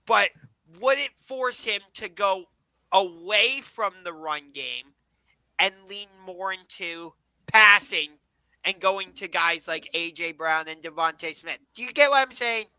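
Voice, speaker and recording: A man with a high, sharply bright voice recorded dry and close. He co-hosts a casual sports podcast, hedging with frequent ums and tossing questions back to his partner. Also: unhurried, clear, resonant tone, no room sound, poor audio. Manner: hesitant, many ums, questioning. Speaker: podcast co-host.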